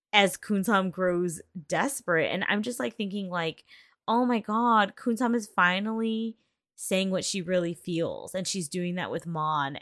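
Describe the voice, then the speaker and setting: A woman co-hosting a show recap, talking in an emotional, animated way with many fillers. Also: low-pitched, no echo, clean studio sound. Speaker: podcast co-host. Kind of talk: casual recap chat.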